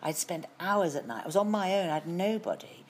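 Middle-aged british actress w a low voice spinning long stories, lots of restarts, faint hiss behind. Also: female voice, fairly quick. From Britain. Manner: lively storytelling with frequent restarts. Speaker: actress as guest. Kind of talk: anecdotal interview chat.

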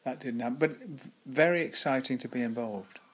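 A man's voice: mid-range voice, a little fast, breathy edge. An older man and former actor, telling chatty, laughing anecdotes in an interview with frequent restarts. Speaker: guest actor.

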